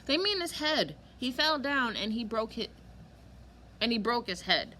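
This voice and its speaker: A woman teaching a kindergarten lesson online, speaking slowly and clearly and stretching words for small children. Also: medium pitch, expressive, bright, forceful tone, a little hiss or hum.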